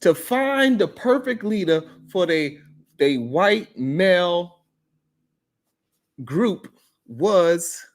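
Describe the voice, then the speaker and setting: A man's voice: sits high, animated, very slow, long pauses. A man hosting a casual morning livestream, greeting viewers and laughing often. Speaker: morning show host.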